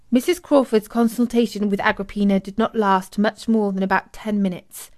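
A woman narrating a children's story in a clear, measured reading. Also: mid-range voice, fairly even intonation, darkish tone.

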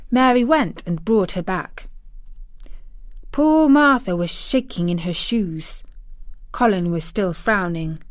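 Woman reading a story aloud, slow and measured, dry close sound. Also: medium pitch, animated, dry recording. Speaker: audiobook reader. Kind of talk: scripted narration.

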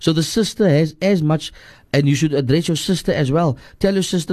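A man's voice: on the high side, a little fast, few pauses, a little mellow, no echo. A man with a Cape Town accent, a scholar giving marriage advice on a radio call-in show, earnest and repetitive, slipping into Afrikaans. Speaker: radio guest scholar answering listener questions. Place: radio studio.

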